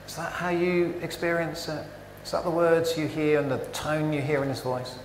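A man whose voice is a little high preaches at normal speed in an echoey church with long reverb and slight background noise. He keeps it conversational, interrupting himself and firing off animated rhetorical questions.

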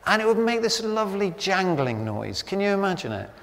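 Chatty pastor in a reverberant church. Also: male voice, high voice, very animated, fairly quick, creaky, a bit bright. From Britain. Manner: chatty, anecdotal, wry humour. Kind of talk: sermon. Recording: church hall reverb, faint ambience.

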